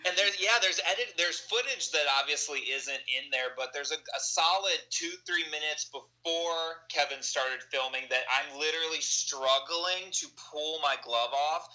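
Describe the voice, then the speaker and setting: Bright-voiced, earnest man. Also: a little high, moderate pace, few pauses, low-quality recording. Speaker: interview guest. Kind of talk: casual storytelling.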